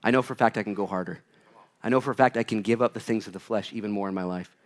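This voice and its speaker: A man preaching a sermon and reading scripture, swinging between loud bursts and hushed asides. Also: on the low side, rapid-fire. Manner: reads scripture aloud. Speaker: pastor.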